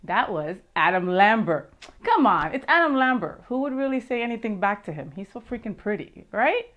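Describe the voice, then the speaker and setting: A woman's voice: medium pitch, big pitch swings, moderate pace, fairly bright tone. A woman hosting a talk show, bubbly and gushing, slipping in Spanish phrases. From Miami area.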